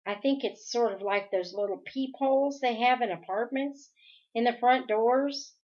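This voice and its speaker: A woman reading the part of a gentle, thoughtful teenage boy who explains things calmly. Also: a little high, normal speed, lo-fi sound, close to an everyday voice.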